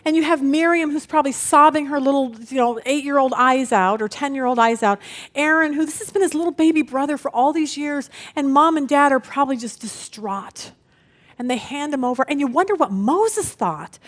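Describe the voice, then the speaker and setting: High-voiced woman teaching Bible study. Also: a little fast. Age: middle-aged. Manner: expressive storytelling, acts out family voices.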